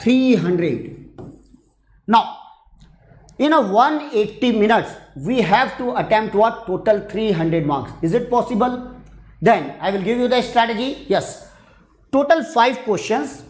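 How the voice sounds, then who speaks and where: In an online exam prep lesson, a man with an Indian English accent speaks in a high-pitched, reverberant voice. He poses rhetorical questions, repeats his points and mixes in Hindi.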